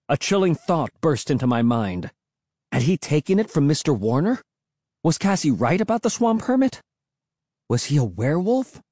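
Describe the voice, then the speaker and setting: An audiobook narrator reading a first-person story with suspenseful, expressive delivery. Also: mid-range voice, no echo, studio quality.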